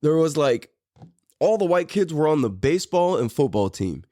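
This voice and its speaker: A man's voice: on the high side, sing-song, moderate pace, mellow, dry recording, studio quality. A middle-aged man from San Diego hosting a podcast, telling a story in a laid-back, profane way and laughing often. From San Diego, Mira Mesa. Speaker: podcast host. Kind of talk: casual storytelling chat.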